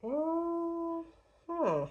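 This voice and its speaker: A woman's voice: extremely high pitch, sing-song, very slow, lo-fi sound. A woman vlogger narrating casually to herself as she assembles furniture, chatty and self-deprecating.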